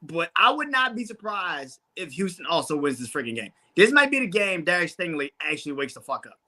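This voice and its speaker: Male co-host, high lively voice, swearing and laughing. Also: brisk. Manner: laughs often, swears freely. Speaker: podcast co-host. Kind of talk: casual sports chat.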